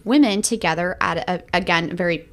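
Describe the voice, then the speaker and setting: A woman's voice: on the low side, brisk. A woman co-hosting a movie review podcast, talking through the plot in a casual, analytical way. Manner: chatty, analytical, frequent restarts. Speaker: podcast co-host.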